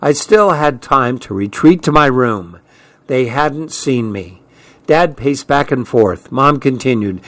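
A male audiobook narrator telling a first-person story in a measured, tense way. His voice is mid-pitched and recorded dry and close on a studio mic. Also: expressive, fairly bright tone, no echo.

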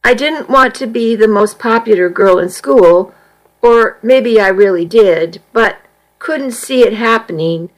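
Uma mulher narra uma história em primeira pessoa com leitura suave e comedida. A voz é um pouco aguda, e ela lê sem pressa, em ritmo bem lento. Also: female voice, a little high, unhurried, rough recording. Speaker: audiobook reader. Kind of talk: first-person story narration.

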